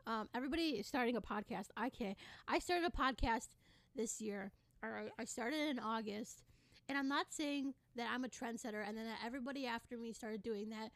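A teenage girl hosting her own podcast, ranting in a sassy, sarcastic way with sudden loud bursts. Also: fairly high pitch, brisk, no room sound. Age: teens. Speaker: podcast host. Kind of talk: casual solo podcast rant.

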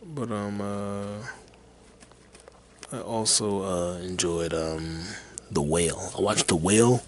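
A man's voice: deep voice, takes it slowly, slight background noise. A man hosting a podcast, chatting casually and rambling with lots of fillers and profanity. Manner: rambling, profane, laid-back, with many fillers. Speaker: podcast host. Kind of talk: casual movie chat.

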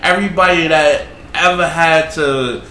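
Man, podcast host, casual chat, bright voice, halting, repeats words, roomy recording. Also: a little high, fairly even intonation, slight background noise. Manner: halting, repeats words while searching for them. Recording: roomy room with faint ambience.

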